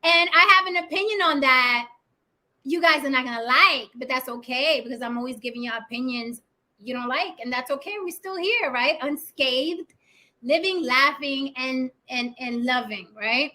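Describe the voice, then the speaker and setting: A woman hosts her own opinion channel in a high, bright, ringing voice. She speaks bluntly and swears without hesitation. She keeps pulling her audience in with "right?" and "okay?". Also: moderate pace. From Puerto Rico. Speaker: vlog host and actress. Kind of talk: casual opinion monologue to camera.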